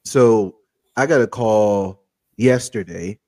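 A young man, co-hosting a family podcast in a relaxed, halting way. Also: on the low side, no room sound. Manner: relaxed, hesitant, many fillers and restarts. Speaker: co-host. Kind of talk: casual family podcast chat.

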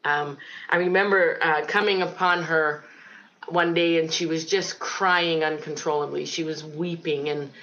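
Earnest woman telling her story, lower voice. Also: fairly even intonation, a little slow, fairly bright tone, highs cut off. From Ohio, United States. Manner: earnest, reflective, many ums. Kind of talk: personal testimony in an interview.

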